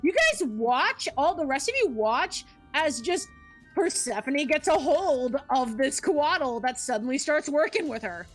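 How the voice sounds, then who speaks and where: A woman's voice: high voice, big pitch swings, a little slow, faint music behind. A woman narrating as game master of a tabletop game, upbeat and often laughing.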